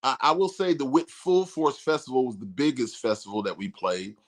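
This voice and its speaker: A man guest on a podcast, telling road stories in a casual, animated way and acting out quotes in a raised voice. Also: medium pitch, fairly quick. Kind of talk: casual storytelling.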